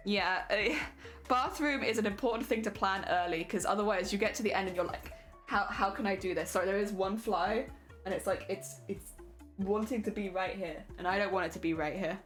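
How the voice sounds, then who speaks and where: A woman's voice: medium pitch, brisk, soft background music. A young British woman chatting casually with her viewers during a craft stream, laughing often. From Britain.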